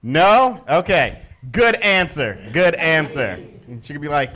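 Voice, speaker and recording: Lively bright-voiced comedy host. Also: male voice, fairly high pitch, slow pace, few pauses. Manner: animated, teasing the audience. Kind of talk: stand-up crowd work.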